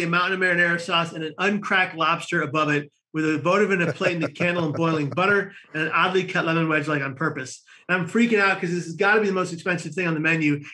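A man from the United States, a podcast guest, telling a lively anecdote and acting out the people in it. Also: high voice. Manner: lively, acts out the people in his story. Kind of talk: animated storytelling.

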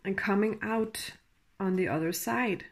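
A woman giving a tarot reading in a halting, emotional way, with sighs and soft laughs. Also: mid-range voice. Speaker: tarot reader.

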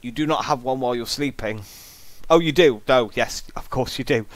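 A man's voice: mid-range voice, normal speed, faint music behind. A man giving comic, exasperated reaction commentary, jokingly disgusted and theatrical.

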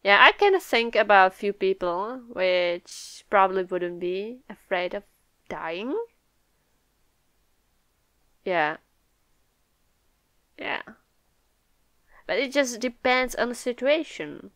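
A young woman hosting a live comic reaction video, excitable and laughing often, swearing freely. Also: mid-range voice, takes it slowly, long pauses, no room sound. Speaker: manga reaction video host.

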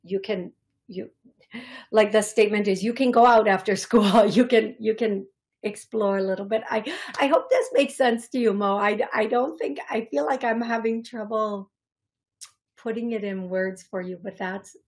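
A young adult woman hosting a psychic medium show, speaking in a halting, repetitive way with many fillers as she passes on messages to viewers. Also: mid-range voice. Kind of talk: live-stream reading for viewers.

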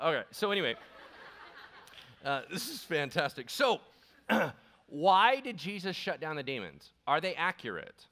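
A male pastor preaching a sermon, animated and joking as he acts out the people in the stories. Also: sits high. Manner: animated and joking, acting out characters. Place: church sanctuary.

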